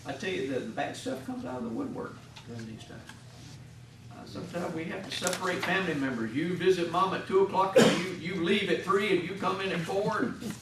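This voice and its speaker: A man's voice: sits high, noisy background. A man, a hospital chaplain instructor, giving a classroom lecture in a folksy way and acting out patients and families in little scenes. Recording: echoey room, mic at a distance.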